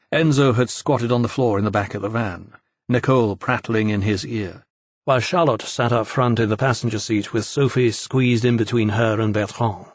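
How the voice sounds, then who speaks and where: A man reading an audiobook in a measured, even narrating style. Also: medium pitch, dry recording. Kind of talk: scripted narration.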